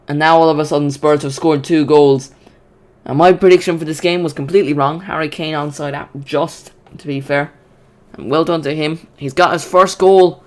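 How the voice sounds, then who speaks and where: Male streamer, slightly high voice, excitable live football watch-along commentary, rambling. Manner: excitable, chatty, rambling with restarts.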